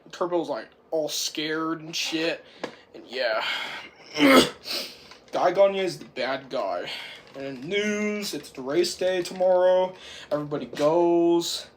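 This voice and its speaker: A reviewer with a sore throat rambling casually through a film's plot, clearing their throat again and again. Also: mid-range voice, animated, slow pace, a little hiss or hum. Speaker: film reviewer. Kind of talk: rambling casual movie recap.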